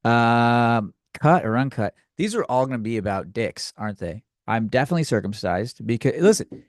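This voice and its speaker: Crude rambling American podcast host. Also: male voice, medium pitch, animated, moderate pace, no echo, clean studio sound. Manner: crude, rambling, self-mocking. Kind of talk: casual comedic rant.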